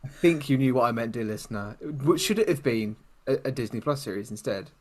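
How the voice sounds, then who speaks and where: A man's voice: mid-range voice, animated, brisk, darkish tone. A man from the UK co-hosting a podcast in casual chat, rambling and self-mocking, often speaking to the listeners directly. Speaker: podcast co-host.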